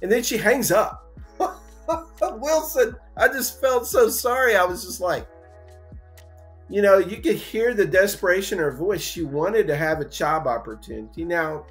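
Folksy, animated male recruiter. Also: high voice, moderate pace, faint music behind. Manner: animated storyteller, acts out voices in anecdotes; folksy and encouraging, many "you know" fillers. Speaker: engineering recruiter, interview guest. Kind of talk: casual conversational interview.

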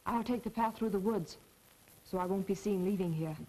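An actress playing a spirited young woman reassuring her father, brisk and cheerful, in a 1930s film. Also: medium pitch, warm tone, natural voice, rough recording.

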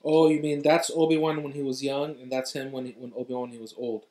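A father chatting at home with his young sons, asking gentle questions and encouraging them. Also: mid-range voice, little pitch movement, fast talker. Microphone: home video camera.

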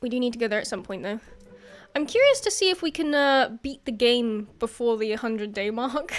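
A woman giving casual commentary over her own gameplay, chatty and self-deprecating, often laughing and yelping at scares. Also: on the high side. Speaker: gaming video creator.

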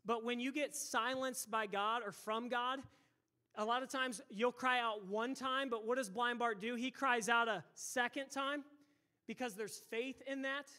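Loud, high-voiced preaching man. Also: fairly even intonation, unhurried. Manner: loud, emphatic preaching with repeated words and sudden shouts. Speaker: pastor. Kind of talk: sermon. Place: church sanctuary. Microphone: handheld or stage microphone.

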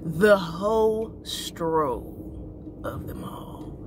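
A woman's voice: fairly low pitch, animated, extremely slow. A woman vlogging in a candid, profane, chatty way while driving, filmed on a phone. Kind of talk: casual talk-to-camera vlog. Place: inside a car while driving. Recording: loud car noise.

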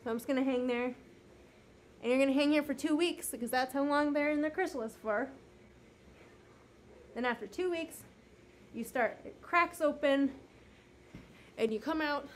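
A high-pitched woman leads a children's lesson at home, gentle and encouraging as she talks to the camera. Now and then she loses her place and backtracks. A faint hum of room noise sits behind her. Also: moderate pace, pauses often. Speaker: teacher. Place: home with a carpet.

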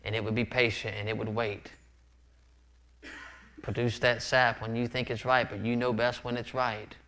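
A man's voice: mid-range voice, little pitch movement, moderate pace, pushed and bright, a little hiss or hum. Earnest male pastor preaching. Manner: earnest, repeats words when emphatic. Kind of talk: sermon. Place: church sanctuary.

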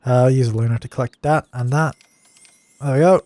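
A man's voice: mid-range voice, moderate pace, dark tone, no echo. A young man casually commenting on a life-sim game while he plays, chatty and easily exasperated, laughing at its mishaps. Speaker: let's play gamer.

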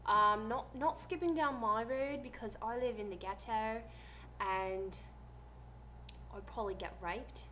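Soft-spoken rambling teen girl vlogger. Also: on the high side, measured pace, slight background noise. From United States. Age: teens. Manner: soft, rambling, trailing off quietly. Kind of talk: casual vlog chat.

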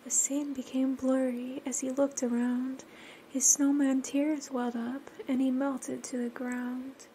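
A woman gently narrating and singing a children's story in a soft, sing-song voice that often drops to a whisper. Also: high-pitched, level tone, a little slow, a little hiss or hum.

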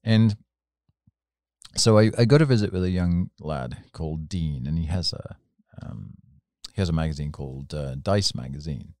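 A middle-aged English man with a low, mellow voice spins an anecdote in excited bursts. He speaks into a close mic in a dry, dead room. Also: moderate pace, dry recording. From England. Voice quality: animated, tells stories in rising bursts. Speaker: podcast guest, storyteller. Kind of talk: casual anecdotal storytelling.

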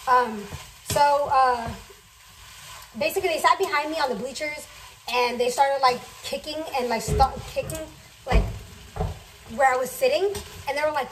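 A young woman telling a chatty, fast storytime while cooking in her kitchen, swearing freely. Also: high voice, far from the mic, a little hiss or hum, rough recording. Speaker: vlogger. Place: home kitchen.

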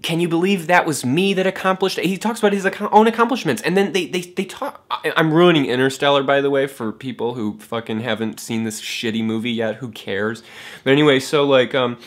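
A man ranting casually about films, swearing a lot and mocking what he dislikes, with many fillers and restarts. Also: medium pitch. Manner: profane, fast, scornful, many fillers and restarts; mocks characters in a raised voice. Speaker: film vlogger. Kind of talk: casual rant to camera.

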